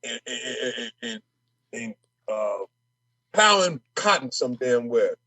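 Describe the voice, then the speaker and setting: A man's voice: mid-range voice, sing-song, takes it slowly, sharp tone, no echo, rough recording. A man speaking as a guest on a podcast, brash and impassioned, stumbling and repeating words as he gets fired up. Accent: Minnesota. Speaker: state representative guest. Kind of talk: casual podcast conversation.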